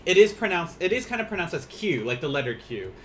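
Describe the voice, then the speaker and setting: A man with a high-sitting, sing-song voice talks fast while giving a casual online language lesson, counting strokes aloud as he writes. He's chatty, jokes at his own expense and laughs often, with slight background noise.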